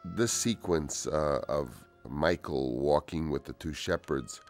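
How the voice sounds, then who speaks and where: A man in his sixties telling anecdotes in a relaxed, rambling way for a film commentary, dropping to soft-spoken asides. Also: a bass voice, takes it slowly, soft background music. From United States. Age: 60s. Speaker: film director. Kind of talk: DVD audio commentary, anecdotal storytelling.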